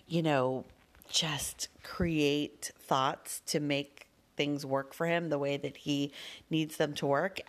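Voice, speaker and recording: A woman with a notably low voice tells a family story as a mother, chatting casually to her listeners. She talks at length, wanders through her story and leans on plenty of fillers. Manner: wordy, rambling, with many fillers.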